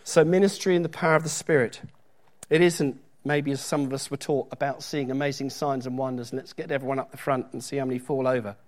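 A man's voice: mid-range voice, fairly even intonation, quick pace. A middle-aged man preaching a sermon in a church, talking conversationally with joking asides and reading scripture aloud with emphasis.

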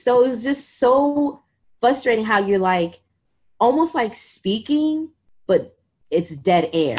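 Animated woman in her thirties. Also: a little high, slow. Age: 30s. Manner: animated, exasperated retelling. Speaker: podcast guest. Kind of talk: conversational storytelling.

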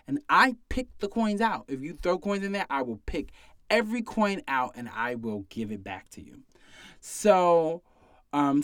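A young man tells a story about his job in an animated, chatty way. He slips into other people's voices for their lines. The sound is dry and close. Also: mid-range voice, dry recording. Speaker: bartender. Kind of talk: casual storytime monologue.

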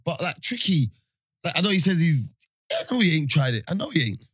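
A man, co-hosting a casual podcast and telling animated stories in slang. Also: on the high side, brisk, husky, no room sound. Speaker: podcast co-host. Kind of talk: casual banter.

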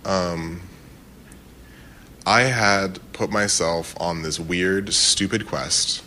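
A man's voice: sits low, extremely slow, sharp tone, slight background noise. A man telling a personal anecdote casually, rambling with many fillers and laughing at himself. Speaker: storyteller.

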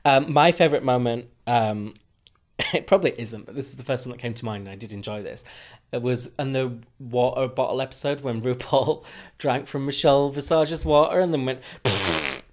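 A man's voice: mid-range voice, a little fast, darkish tone. A man co-hosting a podcast in casual chat, laughing often and reading listener questions aloud. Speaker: podcast co-host.

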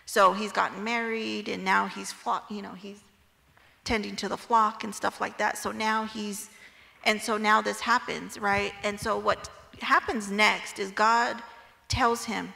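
Chatty lady teaching bible study, bright gravelly voice, echoey room. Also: medium pitch, a little slow. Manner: chatty, animated, lots of "like" and "right?".

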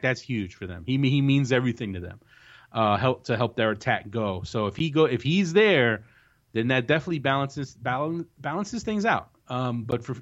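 A man hosting a soccer podcast, chatting casually and confidently giving match predictions, often restarting his sentences. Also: medium pitch. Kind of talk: casual sports chat. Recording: dull lo-fi recording.

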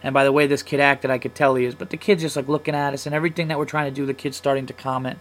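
A man's voice: medium pitch, racing, a little hiss or hum, rough recording. A man in his thirties hosting a comedy podcast, telling a long story in a casual, profane, heated way. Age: 30s. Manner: profane, heated, animated retelling.

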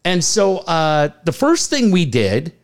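A middle-aged man sits in on a casual podcast chat, spinning stories and playing out every exchange in the voices of the people involved. His voice sits a little high for a man and swings up and down a great deal as he talks, with plenty of swearing mixed in. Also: takes it slowly. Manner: animated storyteller acting out dialogue, swears freely. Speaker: podcast co-host.

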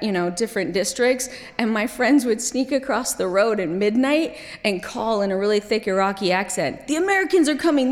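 Woman storyteller with long hall reverb. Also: on the high side. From Kuwait. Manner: lively, wry, laughs at her own story, turns quiet and grave. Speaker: speaker telling a personal story. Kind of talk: storytelling talk on stage.

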